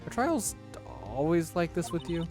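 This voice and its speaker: A man's voice: fairly high pitch, very animated, unhurried, music in the background, pitched above the performer's own voice. A man voicing a curious young female sidekick in a raised, girlish voice.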